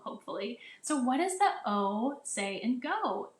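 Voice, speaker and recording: A woman's voice: a little high, animated, takes it slowly, a little hiss or hum. A woman teacher explaining phonics to other teachers in a casual, chatty way, often restarting sentences and sounding out vowels the way she would for children. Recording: echoey room.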